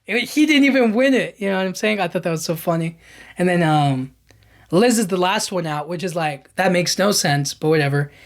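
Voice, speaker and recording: A young man talks through a movie's plot as a podcast host, in an easygoing, chatty way. He stumbles and restarts often and speeds up when the action gets exciting. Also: high-pitched, normal speed. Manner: animated retelling with many fillers and restarts. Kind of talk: casual film recap.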